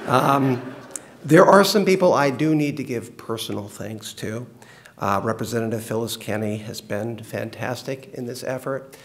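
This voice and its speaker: Guy giving a speech, voice going hoarse, lots of ums. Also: medium pitch. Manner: halting, thankful, with many fillers. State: losing his voice. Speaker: state senator giving a speech. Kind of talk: public speech.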